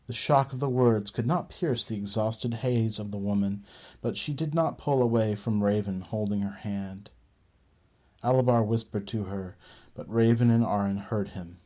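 A man narrating a fantasy audiobook in a measured, deliberate way. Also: on the low side, warm tone.

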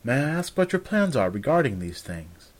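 A man's voice: medium pitch, big pitch swings, pitched above the performer's own voice. A man doing a solemn old scholar mage. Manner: measured, solemn, polite. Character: old, formal, courteous male scholar mage.

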